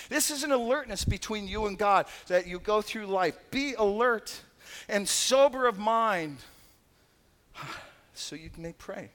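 A man's voice: high voice, expressive, measured pace, a bit bright. A Canadian man preaching a sermon as a pastor, chatty and joking, acting out the voices of people he quotes. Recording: long hall reverb.

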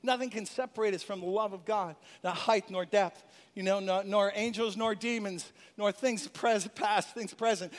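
A man preaching a lively sermon, swinging from loud shouts to hushed, intimate asides. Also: sits high, moderate pace. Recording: long hall reverb.

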